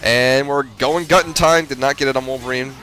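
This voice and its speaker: A man's voice: mid-range voice, steady tone, fairly quick, sharp tone, soft background music. A man giving rambling, self-deprecating gameplay commentary, full of fillers and restarts. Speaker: gamer.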